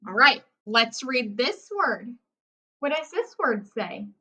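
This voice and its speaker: Her voice on the high side and her pace slow, a young woman teaches a recorded phonics lesson to first graders. She speaks clearly, encourages them, and keeps the praise coming.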